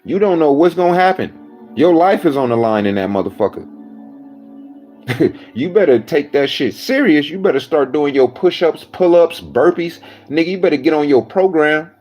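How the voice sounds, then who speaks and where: A man's voice: fairly high pitch, lively intonation, moderate pace, darkish tone. A man casually recounting a jail story, blunt and swearing constantly, with faint music behind.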